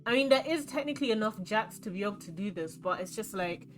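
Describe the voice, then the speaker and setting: A woman's voice: medium pitch, fast, faint music behind. A young woman from London with a London accent, chatting and rambling as she plays a card game on stream. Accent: London English. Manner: chatty, rambling, animated storytelling. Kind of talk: casual chat while playing a card game.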